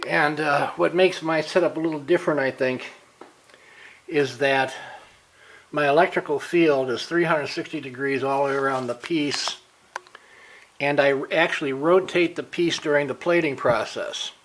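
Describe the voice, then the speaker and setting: An older man in his home workshop, a little out of breath, talking casually and haltingly with frequent fillers as he shows his setup. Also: a little high, a bit bright, a little hiss or hum, low-quality recording. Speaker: workshop vlogger. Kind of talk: casual workshop show-and-tell.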